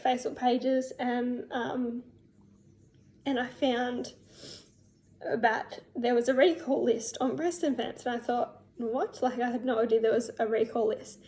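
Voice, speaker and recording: A young woman telling her personal story in a vlog, emotional and halting, with many fillers and restarts. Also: on the high side, fairly even intonation, warm tone. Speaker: vlogger.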